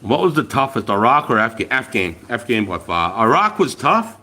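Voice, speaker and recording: A middle-aged Australian man, an army veteran, chatting on a livestream and telling stories in an animated, profane way. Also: mid-range voice, moderate pace. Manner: profane, animated storytelling, swears constantly. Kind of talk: casual livestream chat.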